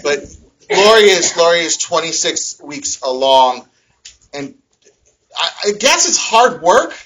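A man in his thirties preaching a sermon as pastor, telling family stories with animated, acted-out shouting. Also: on the high side, slow pace, a little hiss or hum, low-quality recording. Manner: animated storytelling, acts out his sons' shouting.

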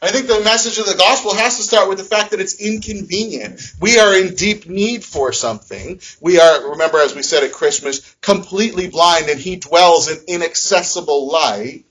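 A man in his thirties preaching a sermon as pastor, telling family stories with animated, acted-out shouting. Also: sits high, normal speed, few pauses, poor audio. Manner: animated storytelling, acts out his sons' shouting.

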